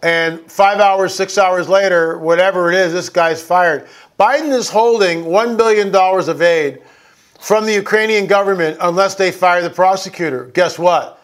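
A man's voice: high-pitched, moderate pace. A man giving an indignant, emphatic political commentary over video clips.

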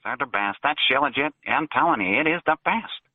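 A man's voice: medium pitch, lively intonation, brisk, dry recording. A male caller on a radio show, talking in a put-on cartoonish drawl. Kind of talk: call-in radio talk. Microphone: phone. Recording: tinny phone line.

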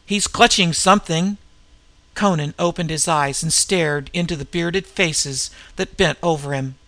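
Brief: dramatic male narrator, bright and forceful, close dry sound. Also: on the high side, vocal fry, no echo. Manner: dramatic, measured. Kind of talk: audiobook narration.

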